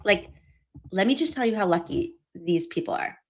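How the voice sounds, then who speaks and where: A woman's voice: medium pitch, lively intonation, normal speed. Sarcastic woman streamer. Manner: sarcastic, laughing. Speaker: livestream host. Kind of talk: casual commentary on trial footage.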